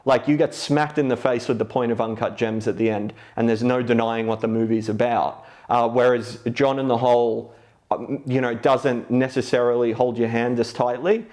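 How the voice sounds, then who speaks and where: A thoughtful man at an ordinary pitch co-hosts a film discussion. He picks apart themes analytically and often restarts his sentences as he works through ideas. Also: steady tone, moderate pace, a little mellow. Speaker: podcast co-host.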